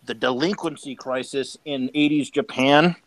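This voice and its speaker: A man's voice: mid-range voice, steady tone, normal speed, slight background noise, poor audio. A man on a podcast in casual chat, blunt and sarcastic with frequent swearing, talking from home. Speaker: podcast co-host. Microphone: home mic over internet.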